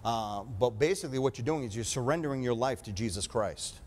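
A man's voice: mid-range voice, a little fast. A man preaching a sermon with emphatic delivery, often calling for an amen.

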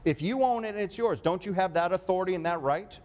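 A man's voice: high voice, quick pace, a little mellow. A man preaching a sermon with emphatic delivery, often calling for an amen.

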